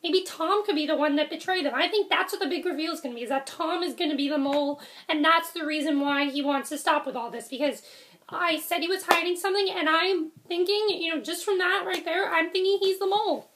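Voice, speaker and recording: Young woman, high pitch, chatty rambling reviewer who keeps correcting herself and saying sorry. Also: fairly quick, fairly bright tone. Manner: rambling, self-correcting, frequent ums and apologies. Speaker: TV episode reviewer. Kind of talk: casual video review.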